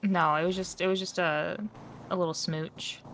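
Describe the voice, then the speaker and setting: A woman chatting in character during an improvised roleplay, teasing and animated, with sudden jumps in pitch. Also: normal speed, slight background noise.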